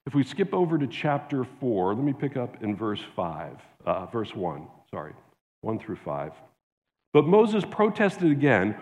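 A man's voice: mid-range voice, big pitch swings, a little slow, a little mellow, in a large hall. A man preaching a sermon as pastor, earnest and often restarting with repeated words.

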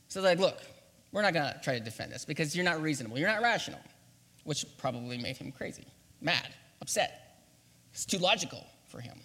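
A man preaching a sermon as pastor, playful and animated, acting out quotes and laughing as he goes. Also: on the high side, big-room sound.

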